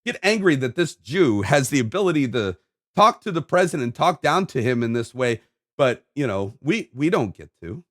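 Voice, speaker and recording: A man's voice: medium pitch, sing-song, normal speed. A man hosting his own video, delivering a heated solo monologue to camera in an emphatic, ranting way with repeated phrases. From United States. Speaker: video host.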